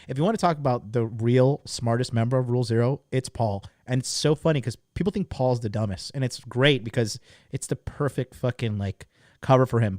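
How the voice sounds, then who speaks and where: A man's voice: medium pitch, no room sound, studio quality. A man in his thirties hosting a podcast, talking casually, bluntly and with lots of swearing and filler words. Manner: blunt and profane, full of "like" fillers; animated and emphatic. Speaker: podcast host. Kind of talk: casual monologue promoting a course.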